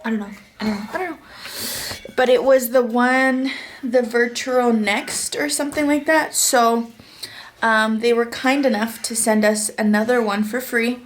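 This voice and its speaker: A woman's voice: on the high side, fairly even intonation, normal speed. A young woman vlogging casually to a handheld camera, chatty and joking as she walks through her day. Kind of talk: casual vlog chat. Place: outdoors by a backyard fire, then at home.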